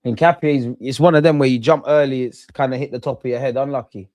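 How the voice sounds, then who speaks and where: Guy live streaming a footy match, excitable, swears a lot, talks to chat, dry close mic. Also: medium pitch, fast, no echo. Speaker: football watchalong host.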